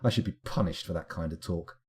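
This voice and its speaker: A streamer playing a management game gives live let's-play commentary, rambling, chatting and drifting into tangents in an animated, self-mocking way. His voice is low and husky, and he talks at a quick pace.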